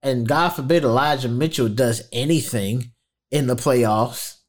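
A man talking football in casual chat, animated and trash-talking with plenty of laughs. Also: mid-range voice, unhurried. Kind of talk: casual sports talk.

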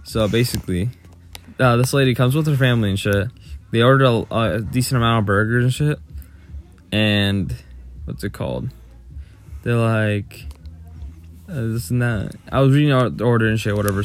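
A man's voice: fairly low pitch, moderate pace. A young man co-hosting a podcast, casually telling a long, profane story about work. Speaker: podcast co-host. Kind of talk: casual chat.

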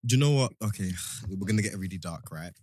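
A man's voice: quick pace, noisy background. A young man, telling stories in a casual podcast chat with friends. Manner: animated storyteller, jumps in pitch.

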